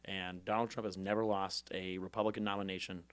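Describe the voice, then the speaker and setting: Young man, rapid-fire storytelling, dry close mic, swears a lot. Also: low-pitched, smooth, no room sound. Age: 20s. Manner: fast, energetic, acts out voices of people he quotes; swears freely, rally-speech intensity. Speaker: guest, former congressman. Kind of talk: animated storytelling interview.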